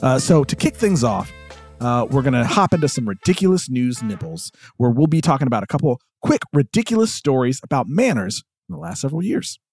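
A man's voice: medium pitch, big pitch swings, a little fast, a little mellow, faint music behind. A man hosting a comedy podcast, chatting in an upbeat, casual way. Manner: upbeat, chatty, lots of fillers. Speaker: host.

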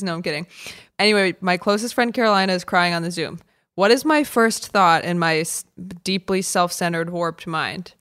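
A woman co-hosting a podcast in casual chat, joking and self-deprecating with quick asides. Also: fairly low pitch, fairly bright tone, clear, resonant tone. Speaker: podcast co-host. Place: remote call.

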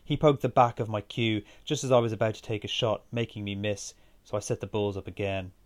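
A man reading a first-person story aloud in a steady, measured way. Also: lowish voice. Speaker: narrator.

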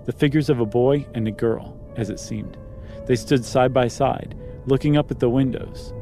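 A man's voice: mid-range voice, normal speed, warm tone, faint music behind. A man reading a ghost story aloud, stopping now and then for joking comments. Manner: reads plainly, breaks off to joke and comment. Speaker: story reader. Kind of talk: casual storytelling with banter.

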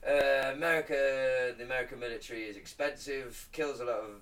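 A man's voice: mid-range voice, steady tone, brisk, fairly bright tone. A man co-hosting a podcast in casual, sweary, jokey chat. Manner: laid-back, sweary, jokey. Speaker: podcast co-host. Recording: a little distant, faint background noise.

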